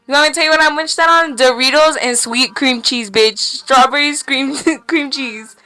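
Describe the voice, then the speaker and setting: A woman's voice: sits high, normal speed, bright, forceful tone. A young woman telling wild stories on a casual podcast, slangy and full of swearing, laughing as she goes. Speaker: podcast guest. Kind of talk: casual storytelling. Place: small room with podcast lights and mic.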